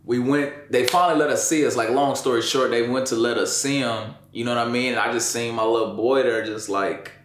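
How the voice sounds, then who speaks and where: With strong emotion, a man tells the story of his son's accident in an interview, using casual slang and repeating "you know what I'm saying." His mid-range voice keeps a fairly even intonation as he talks briskly with hardly any pauses, and the sound is roomy.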